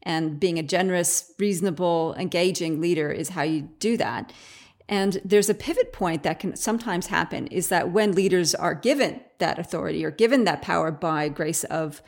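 Woman podcast host, slightly low voice, curious and chatty interviewer. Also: normal speed. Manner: curious, chatty, thinking aloud.

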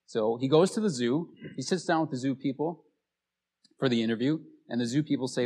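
A man's voice: mid-range voice, brisk, darkish tone, husky. A man preaching a sermon as a pastor, telling stories in a casual, conversational way.

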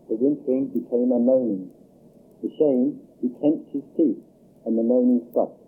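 Husky man reading a story aloud. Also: mid-range voice, moderate pace. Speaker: dharma teacher. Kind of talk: reading a novel aloud with brief asides. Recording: tinny phone-like line.

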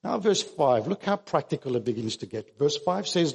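A man's voice: on the high side, big pitch swings, normal speed, creaky, big-room sound. A man preaching a sermon as pastor, earnest and emphatic, often restarting his words.

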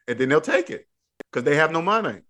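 A man's voice: a little high, big pitch swings, a little fast, bright, forceful tone. A man coaching a younger guest on money, emphatic and preachy, repeating his points in casual podcast chat. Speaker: debt-free money coach.

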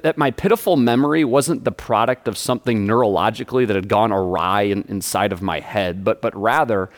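A man preaching a sermon as pastor, often stammering and repeating words. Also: on the low side.

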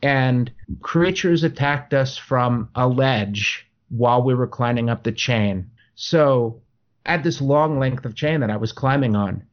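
A man co-hosting a relaxed chat about tabletop gaming, circling back over his words and laughing often. His voice sits at an ordinary middle pitch. The sound is a little dull and lo-fi. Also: a little slow. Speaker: podcast co-host.

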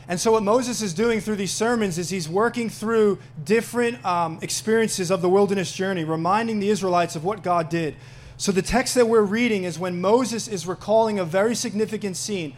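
High-voiced earnest male preacher. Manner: earnest preaching, rising louder when reading scripture aloud. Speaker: pastor. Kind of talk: sermon with scripture reading.

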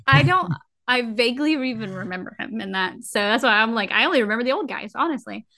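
A young woman co-hosting a casual podcast chat, animated and opinionated, acting out her own reactions. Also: fairly high pitch, fast talker, dry recording, clean studio sound. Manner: animated, opinionated, quotes herself in lively bits.

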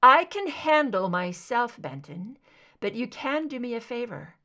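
Weary female agent, read by a woman, calm, direct, lively pitch. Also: unhurried, exaggerated voice. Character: weary adult female FBI agent, composed.

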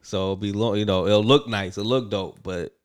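Casting note: relaxed slangy man, lowish voice, smooth and resonant, casual chat co-host. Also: normal speed. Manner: relaxed, slangy, explains his points.

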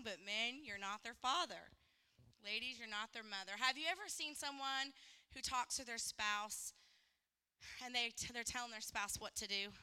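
A woman's voice: a little high, pushed and bright, clean tone, long reverb tail. A woman teaching a church group marriage lesson, chatty and acting out little quoted exchanges. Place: church hall.

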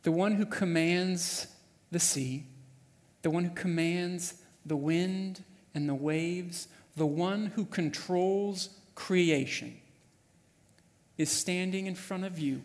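A man preaching a sermon, telling a story vividly and swinging from hushed passages to loud, urgent ones. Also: a little high, takes it slowly, pauses often, in a large hall. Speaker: pastor. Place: church sanctuary.

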